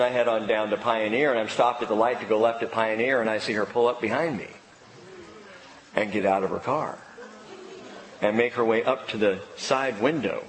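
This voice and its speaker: A man preaching a sermon, telling a personal story with self-mocking humor. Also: mid-range voice. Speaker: pastor. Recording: long reverb of a church hall.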